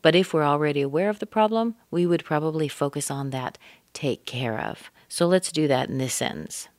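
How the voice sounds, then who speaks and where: A woman teaching English pronunciation, speaking deliberately and modeling words with exaggerated stress. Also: deep voice, a little mellow, no echo, studio quality. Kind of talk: pronunciation lesson.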